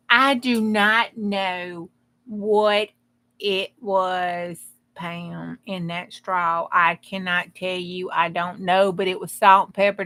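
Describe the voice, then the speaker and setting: Bright-voiced chatty crafting host woman. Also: mid-range voice. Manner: chatty, rambling, folksy humor. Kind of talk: casual livestream chat.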